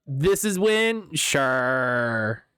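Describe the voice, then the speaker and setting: A man streaming a game live and reacting excitably, with frequent swearing, as he plays. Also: medium pitch, extremely slow, clean tone, dry recording, clean studio sound.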